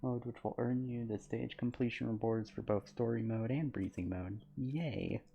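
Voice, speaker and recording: Very deep-voiced woman streamer. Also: moderate pace, vocal fry, highs cut off. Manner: reads game text aloud and jokes about it, laughing often. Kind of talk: live game reaction stream.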